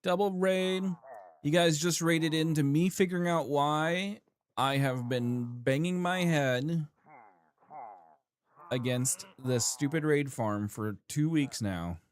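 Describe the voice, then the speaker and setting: A man's voice: a little high, takes it slowly. A man streaming a game, chatting casually with his viewers and playfully exasperated with himself. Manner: animated, exasperated, laughing at himself. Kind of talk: casual live-stream chat.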